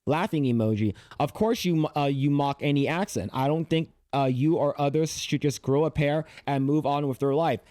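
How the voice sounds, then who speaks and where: Male reaction host, blunt and profane, rambling, somewhat high voice, dry close recording. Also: fairly even intonation, moderate pace, few pauses, warm tone, no echo. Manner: blunt, profane, reads comments aloud with rambling restarts. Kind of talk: casual reaction commentary.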